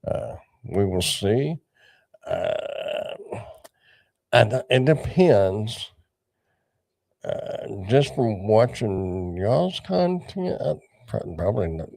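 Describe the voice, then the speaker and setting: A man's voice: lowish voice, sing-song, drawn-out words, vocal fry, long pauses, darkish tone, dry recording, studio quality. An older man hosting a casual livestream, rambling and greeting viewers by name. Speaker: livestream host.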